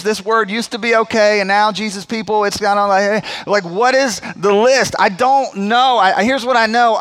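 A man preaching a sermon in a conversational, animated way, dropping to low, quiet emphasis on key points. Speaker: pastor.

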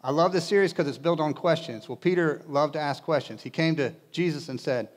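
A man's voice: on the high side, fairly quick, hardly any pauses. A male pastor preaching to a congregation in a conversational way, with casual asides and humor. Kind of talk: sermon. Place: church in front of a congregation.

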